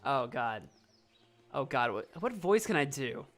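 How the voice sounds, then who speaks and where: Woman streamer chatting through a story game, thinks out loud, jokes about herself. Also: rumbling low, sing-song, measured pace. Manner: chatty, self-deprecating, thinking aloud. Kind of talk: casual let's-play commentary.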